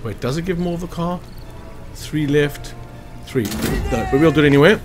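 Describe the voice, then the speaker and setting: A man's voice: a little high, animated, normal speed, faint music behind. Man thinking aloud over gameplay. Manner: chatty, thinks aloud, counts hit percentages. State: hiccuping after lunch. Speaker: gameplay commentator. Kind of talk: casual game walkthrough commentary.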